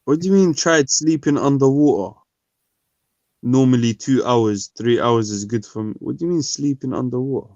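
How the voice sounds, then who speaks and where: A man's voice: medium pitch, moderate pace, darkish tone, dry recording. A man, chatting casually on a stream, rambling and reading comments and look-ups aloud. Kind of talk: casual chat. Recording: dull, lo-fi dry sound.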